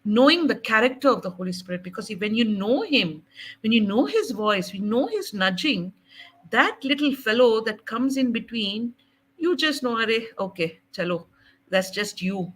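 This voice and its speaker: A woman sharing her faith testimony in an animated, laughing way. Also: on the high side, moderate pace, slightly rough, low-quality recording. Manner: animated, laughing often, dramatic quoting.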